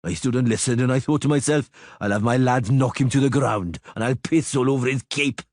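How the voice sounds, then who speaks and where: A man's voice: medium pitch, brisk, a little mellow, no room sound, clean studio sound, voice pushed up, close to an everyday voice. A man voicing a stocky, bearded male dwarf who talks in a coarse, grumbling, mocking way.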